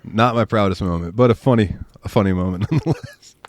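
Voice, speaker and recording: A man's voice: lowish voice, fast, no echo. A young man co-hosting a podcast, telling a rowdy story in casual chat, laughing often and mimicking his friends. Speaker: podcast co-host.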